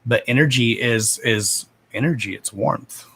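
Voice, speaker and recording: A man's voice: medium pitch, measured pace, fairly bright tone, slightly rough. A young man hosting a psychic reading livestream, chatting casually with viewers by name, swearing freely and laughing often.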